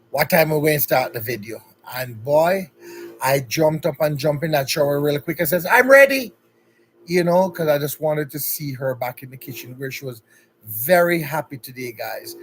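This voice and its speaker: A chatty man with a Jamaican accent hosts a casual livestream from home. His voice sits a little high, and he greets each viewer by name in an upbeat way. A faint room hum stays in the background. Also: rough recording. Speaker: livestream host.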